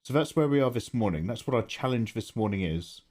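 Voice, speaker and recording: A man's voice: mid-range voice, animated, a little fast, a little mellow. A man chatting casually on a live stream while he draws, thinking aloud and greeting viewers by name. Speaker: livestreaming artist.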